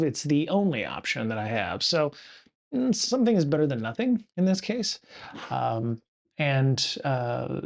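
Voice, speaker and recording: A middle-aged man chats casually through a solo live stream in an ordinary mid-range voice. He rambles, restarts his sentences and fills gaps with ums and uhs. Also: medium pitch. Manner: rambling, many fillers and self-corrections. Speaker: podcast host streaming solo.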